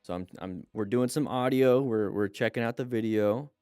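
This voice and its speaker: A man's voice: mid-range voice, moderate pace, dark tone, clean tone, dry recording, studio quality, soft background music. A man hosting a casual live stream, chatting to viewers and greeting them as he reads their comments. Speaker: live stream host and riding instructor.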